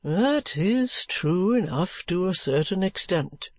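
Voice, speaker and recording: A reader voicing a kindly, excitable older gentleman who speaks slowly and earnestly. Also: medium pitch, husky, dry recording, exaggerated voice. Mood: urging.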